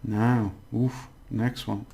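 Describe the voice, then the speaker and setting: Male tutor, casual and patient, slow delivery, gravelly tone, overpronounces example words. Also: fairly low pitch, flat delivery, background noise. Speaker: language teacher. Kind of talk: casual spoken language lesson.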